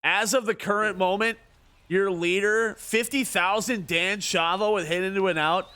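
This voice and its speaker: A man's voice: high voice, fairly even intonation, moderate pace, pushed and bright, smooth. A man streaming a baseball video game, joking and ribbing his chat in casual commentary. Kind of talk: casual livestream gaming commentary.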